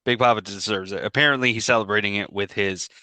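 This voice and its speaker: Bright-voiced man telling a rambling story. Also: fairly low pitch, steady tone, clean tone, no echo. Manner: rambling storytelling, quick to laugh. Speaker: podcast co-host. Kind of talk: casual podcast chat. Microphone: video call.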